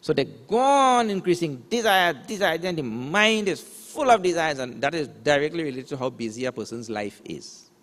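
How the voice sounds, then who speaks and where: A man's voice: a little high, big pitch swings, a bit bright. A man, a swami, giving a spiritual lecture, explaining scripture terms and asking rhetorical questions. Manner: recites verses in a slow chant. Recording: long hall reverb.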